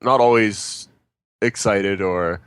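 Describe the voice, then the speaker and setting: Rambling young Canadian guy, low voice. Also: slow pace, a bit bright, smooth, no room sound. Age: young adult. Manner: hesitant, rambling with fillers. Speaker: podcast co-host. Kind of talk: casual chat.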